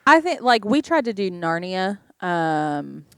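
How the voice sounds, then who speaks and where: A woman's voice: fairly low pitch, big pitch swings, a bit bright, clean tone, dry recording. Bubbly woman co-host, dry mic. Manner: bubbly, self-interrupting, quick restarts. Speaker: podcast co-host. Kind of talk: casual chat.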